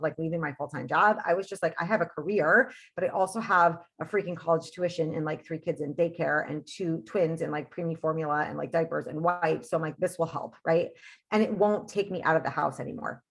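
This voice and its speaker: A woman's voice: fairly low pitch, vocal fry. A woman in her thirties, a fitness coach, telling her personal story on a team video call in a chatty way, full of "like" and "right?". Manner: chatty, heavy use of "like" and "right?".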